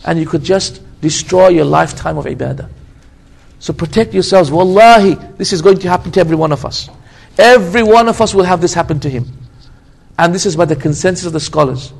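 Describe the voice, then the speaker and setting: A man with a notably high voice preaches an earnest religious lecture. He drives his points home through repetition and oaths, and he slips Arabic religious phrases into his English. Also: gravelly. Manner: emphatic, repeats phrases, swears by God for stress. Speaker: Islamic lecturer.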